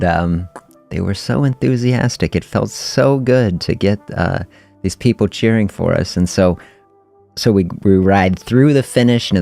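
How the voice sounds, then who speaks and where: A middle-aged man hosting a fasting health podcast, telling a story in a relaxed, reflective way and chuckling often during a casual livestream. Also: deep voice, gravelly.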